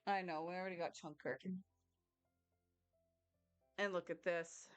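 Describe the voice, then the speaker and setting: A woman's voice: on the low side, steady tone, measured pace, dry recording, soft background music. A woman chatting casually on a live stream, playfully cooing at her cats close to the mic.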